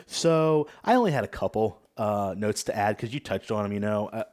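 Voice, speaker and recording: A man's voice: fairly low pitch, expressive, moderate pace, a little mellow. A man chatting casually on a podcast in an easygoing way, hesitating often with ums and uhs. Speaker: podcast co-host.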